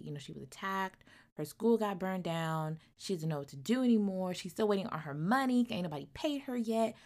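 A woman with a slightly low voice recaps a story with animated, colloquial energy. She acts out the characters' lines and breaks off into loud, opinionated asides. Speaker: book reviewer. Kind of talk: casual book recap.

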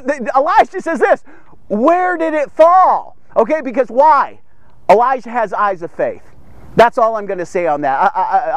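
A man's voice: extremely high pitch, no echo. A man giving a casual Bible teaching, often checking in with "okay?" and acting out the people in the story. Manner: keeps checking in with "okay?" and "here's the thing"; animated, acts out the people in the story. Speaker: devotional podcast teacher.

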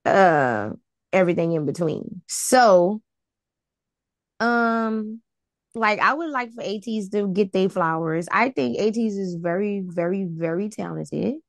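A woman with a gravelly, fry-edged voice co-hosts a casual podcast, recorded dry and close. She talks bluntly and expressively, with lots of slang. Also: medium pitch, expressive, takes it slowly, dry recording. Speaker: podcast co-host. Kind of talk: casual chat.

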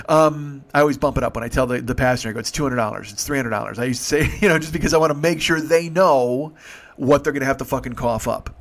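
A man, a rideshare driver, casually telling stories and acting out dialogue, swearing freely. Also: mid-range voice. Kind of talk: casual storytelling monologue.

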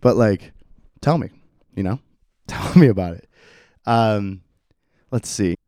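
Rambling young man, low and dry. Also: animated, slow pace, warm tone, dry recording. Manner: rambling, laid-back, laughs often, says "like" constantly. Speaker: podcast host. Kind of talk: solo casual podcast chat.

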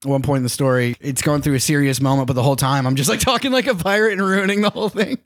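A young man co-hosts a casual podcast, talking very fast in a voice on the high side. He chats enthusiastically and rambles, using lots of fillers.

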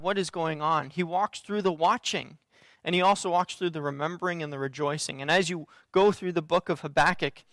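A man's voice: a little high, sharp tone, dry recording, clean studio sound. A man giving a sermon as a pastor, earnest and conversational, with frequent fillers and restarts.

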